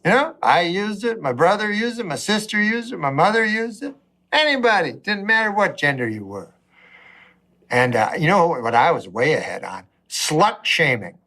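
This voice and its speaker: A middle-aged male comedian works through a long, rambling stand-up story in a flat, deadpan delivery. His voice sits high for a man, and his asides come out in mock outrage. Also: moderate pace.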